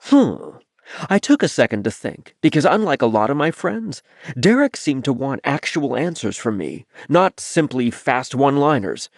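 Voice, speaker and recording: Lively male audiobook narrator. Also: mid-range voice, normal speed, no echo, studio quality. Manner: lively, expressive reading. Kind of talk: first-person scripted narration.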